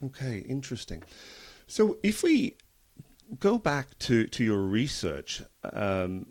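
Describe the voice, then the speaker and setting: A man's voice: mid-range voice, big pitch swings, takes it slowly, darkish tone. A man hosting an interview who asks thoughtful questions and repeats words as he forms them. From Ireland. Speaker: interviewer host.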